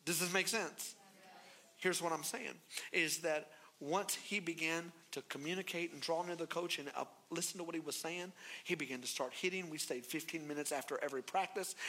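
A male pastor preaching a sermon, telling a story in an animated, playful way and acting out the voices in it. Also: on the high side, normal speed.

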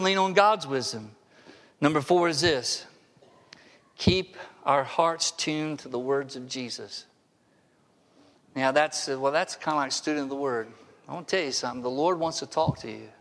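A man's voice: fairly high pitch, unhurried, pauses often, fairly bright tone. A man in his sixties preaching a sermon in a church sanctuary, conversational with wry asides. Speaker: pastor. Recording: long hall reverb.

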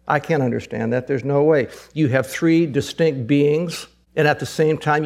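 Emphatic male preacher, rising passion. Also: vocal fry. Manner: emphatic preaching with repeated phrases, rising to high excited peaks. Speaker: pastor. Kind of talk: sermon.

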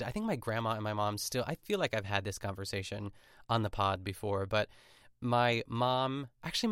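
A man's voice: medium pitch, fairly bright tone, clean tone, no room sound, studio quality. A man hosting a podcast, casually recapping a cooking show in a rambling, chatty way full of "like" and restarts. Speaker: podcast host.

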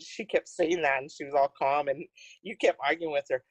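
A woman's voice: deep voice, fairly even intonation, normal speed, pauses often, no room sound. A young woman co-hosting a podcast, teasing her friend and laughing in casual chat. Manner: teasing, laughs while talking. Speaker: podcast co-host. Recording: dry, dull lo-fi sound.

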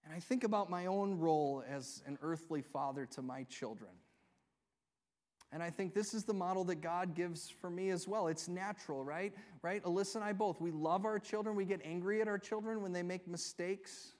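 A male pastor preaching a sermon, earnest, swinging between loud emphatic lines and soft hushed ones, often asking the congregation rhetorical questions. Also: sits high, moderate pace.

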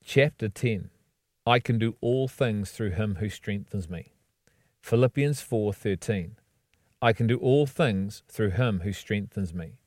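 A man giving a scripted devotional reading in an earnest, measured way, stressing key words. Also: medium pitch, darkish tone, dry recording, clean studio sound. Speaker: devotional book reader.

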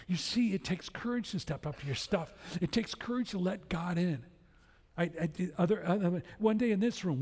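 Pastor, male, slightly high voice, chatty storytelling sermon, long hall reverb. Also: a little mellow. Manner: conversational storytelling with frequent restarts.

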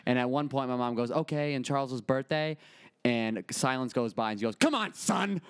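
Young man telling stories, smooth dry voice. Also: fairly quick, no room sound. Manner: animated, acts out his mother in a high yelling voice. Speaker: podcast co-host. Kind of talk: casual comedic storytelling.

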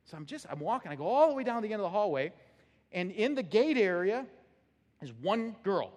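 Male pastor, high and lively delivery, sermon anecdote, reverberant sanctuary. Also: fairly quick. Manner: storytelling, animated, laughing at own anecdote. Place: church sanctuary. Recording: long hall reverb.

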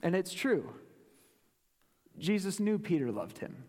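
A male pastor with a fairly high voice delivers a sermon, pressing points home with repeated phrases. He drops suddenly to a near hush to land key moments. His words ring out with a long tail of reverb in a large church hall. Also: big pitch swings, slow. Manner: dramatic, drops to a hush for emphasis.

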